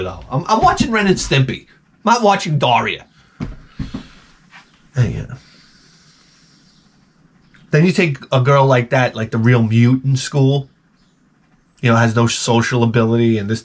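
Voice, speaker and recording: A man's voice: medium pitch, expressive, normal speed, pauses often, slight background noise. A man hosting his own video channel, delivering a crude, profane, rambling comedic rant to camera. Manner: jokey, exaggerated. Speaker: YouTube host.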